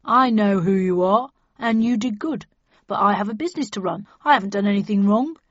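Reading a storybook, a woman with a natural, medium-pitched voice puts on a smug, hard-nosed male auctioneer who speaks coldly and mockingly, drawing out his words. There's no echo, and the recording is dry and a little dull.

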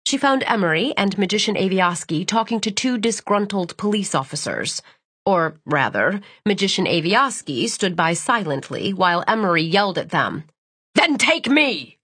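A woman narrating a novel as an audiobook in a measured, even storytelling manner. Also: medium pitch, breathy edge, no room sound. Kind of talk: scripted narration.

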